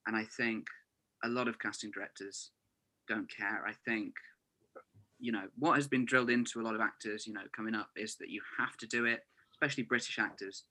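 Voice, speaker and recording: A young man in his twenties talks casually as a podcast guest, his voice strikingly bright and forward. He speaks earnestly and fills gaps with "you know". It sounds like a relaxed remote interview. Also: lowish voice, fairly quick. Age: 20s. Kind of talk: casual chat. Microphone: remote call.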